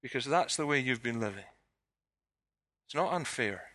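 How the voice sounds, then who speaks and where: A man's voice: medium pitch, animated, moderate pace, pushed and bright, dry recording. A man preaching a sermon, earnestly repeating questions to the listeners and dropping his voice to quote scripture.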